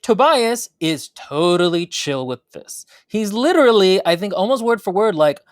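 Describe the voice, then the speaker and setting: A woman's voice: mid-range voice, lively intonation, normal speed, no echo. A woman co-hosting a book review podcast, giving sarcastic, dry commentary in casual chat. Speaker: podcast co-host.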